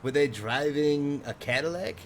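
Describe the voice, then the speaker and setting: A man's voice: a little high, moderate pace, a little hiss or hum. Easygoing man in a roleplay game. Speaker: roleplay character, business owner. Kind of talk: in-character roleplay chat.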